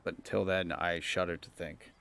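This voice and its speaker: A man's voice: sits low, flat delivery, normal speed, vocal fry, a bit bright, clear, resonant tone. A young man streaming a strategy game, rambling and swearing in casual joking commentary, laughing often. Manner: rambling, profane, joking asides.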